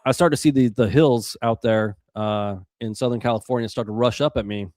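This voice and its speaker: A man's voice: medium pitch, brisk, no room sound, studio quality. A man in his forties from the Rocky Mountains, telling a story in casual chat with lots of fillers and acted-out quotes. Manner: animated, acts out quotes, many fillers and restarts. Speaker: podcast guest, former special operations weatherman.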